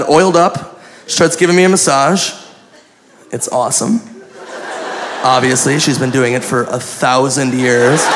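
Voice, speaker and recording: A man telling a crude, self-mocking story as a stand-up comedian, animated and loose, recorded live in a comedy club. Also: fairly high pitch, heavy background noise.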